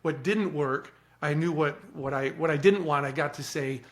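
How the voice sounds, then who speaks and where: A man speaking as a podcast guest, telling stories in an earnest, animated way and often repeating words as he starts a thought. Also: on the high side, normal speed. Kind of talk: reflective storytelling.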